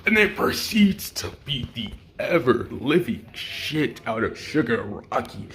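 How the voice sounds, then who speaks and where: A man's voice: medium pitch, sing-song, measured pace, hardly any pauses, fairly bright tone, a little hiss or hum. Slangy rambling young man telling a story. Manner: slangy, rambling, profane, makes sound effects. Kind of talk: casual fan story retelling.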